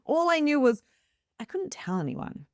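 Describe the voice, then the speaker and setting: Expressive New Zealand woman telling a story. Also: moderate pace, no room sound, clean studio sound. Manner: expressive, acts out her own quoted lines with big pitch jumps. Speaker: psychic medium host. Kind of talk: animated personal storytelling.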